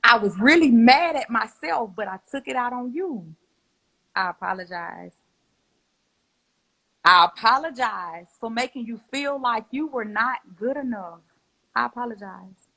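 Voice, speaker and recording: Earnest young woman, emotional apology, slightly high and husky. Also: lively intonation, a little slow, long pauses, pushed and bright, rough recording. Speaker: guest. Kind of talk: heartfelt spoken apology.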